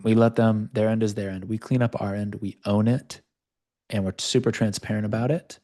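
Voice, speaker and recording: A man with a fairly low, mellow voice leads a live coaching session over a video call. He speaks calmly and reflectively, sharing his own experience to guide a participant. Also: moderate pace. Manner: calm, reflective, speaks of own past openly.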